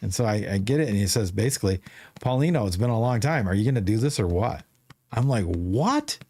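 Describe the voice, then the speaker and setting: A man's voice: fairly low pitch, fast, warm tone. A man hosting a podcast, telling a long story in casual chat with many restarts. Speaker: podcast host.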